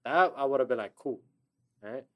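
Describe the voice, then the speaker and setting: La guy hosting a podcast, swears a lot, tells stories with quotes, pretty normal pitch. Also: moderate pace, fairly bright tone. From Los Angeles. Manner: profane, storytelling with quoted asides. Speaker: podcast host. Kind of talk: casual chat.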